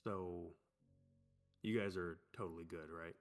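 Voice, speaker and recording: A man's voice: sits low, steady tone, a little slow, faint music behind. A man voicing a laid-back male crew leader who talks casually and matter-of-factly in a tabletop game.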